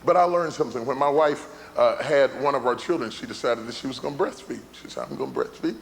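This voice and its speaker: A middle-aged man preaching a sermon as a pastor, repeating phrases for emphasis and building to shouts. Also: mid-range voice, quick pace, slight background noise. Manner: emphatic repetition, rising to shouts. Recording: large hall with live audience.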